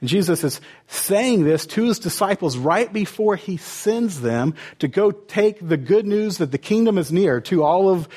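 A man preaching a sermon as a pastor, retelling the story with lively rhetorical questions. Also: high voice, a little slow, few pauses, slightly rough.

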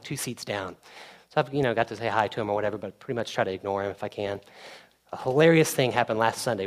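Casual, conversational young male pastor. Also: mid-range voice. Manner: conversational, animated when storytelling. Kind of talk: sermon.

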